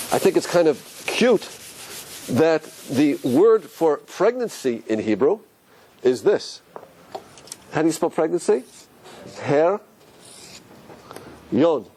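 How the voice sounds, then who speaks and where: A rabbi delivers a lively lecture, throwing questions to his audience as he teaches. His fairly high voice leaps and dips with strong expression. A faint hum of room noise sits under the recording. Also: takes it slowly, pauses often, rough recording. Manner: animated, asks the audience questions, pitch swings up and down.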